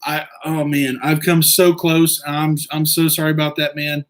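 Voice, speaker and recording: A man hosting a casual livestream, answering viewer questions in a rambling, halting way with many fillers. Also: a little high, little pitch movement. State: eye irritated from injury. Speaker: livestream host.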